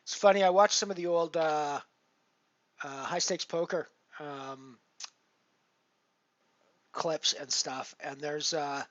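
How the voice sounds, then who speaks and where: A man's voice: on the high side, steady tone, takes it slowly, pauses often, fairly bright tone, no room sound, dull audio. Rambling man streaming poker, dry mic. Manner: rambling, frequent fillers and restarts. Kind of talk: casual live-stream commentary.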